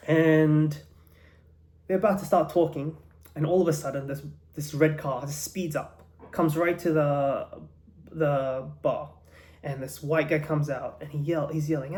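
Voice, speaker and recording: A man's voice: a little high, steady tone, moderate pace, a little mellow. A man telling a joke in a casual, rambling way, with many restarts and fillers.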